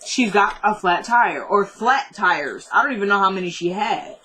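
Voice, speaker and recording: A young woman talks straight to her viewers, recapping a drama episode in an easy, chatty way. She retells each scene with lively energy and plenty of asides. Her voice sits at an ordinary middle pitch for a woman. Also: moderate pace, slight background noise, rough recording. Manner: chatty, animated retelling with quoted dialogue. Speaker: TV recap vlogger.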